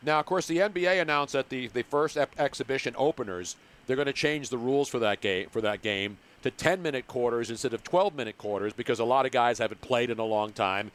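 A man's voice: mid-range voice, quick pace, a bit bright. An older man hosting a sports radio show, chatting casually with a joking, teasing manner. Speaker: radio host.

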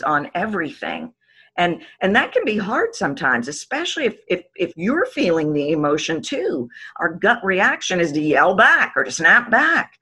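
Woman voice coach, bright tone, swoops all over the place, kinda low. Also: husky. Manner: expressive, swoops pitch to demonstrate points. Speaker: voice coach guest. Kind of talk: animated interview talk.

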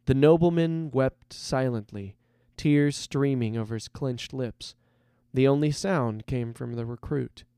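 A man reading a fantasy story aloud as narrator, in a measured and dramatic way. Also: mid-range voice, dark tone, clean tone, dry recording, clean studio sound.

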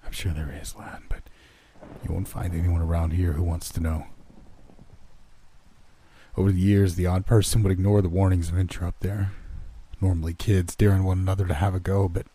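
In a horror story reading, a man plays a broken old farmer who is haunted by loss and guards a secret. He speaks low and dark, with a husky edge, and his hushed voice quivers with held-back grief. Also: level tone, normal speed, long pauses, no room sound. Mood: sorrowful.

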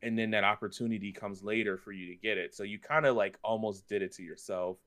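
A fast-talking man with a lowish voice co-hosts a podcast in a casual chat. He's an animated, rambling storyteller who leans on lots of fillers.

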